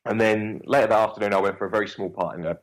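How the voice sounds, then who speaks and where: Deep-voiced cockney guy. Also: rapid-fire, rough recording. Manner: swears freely, rambling and animated. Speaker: actor guest. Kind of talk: casual interview chat.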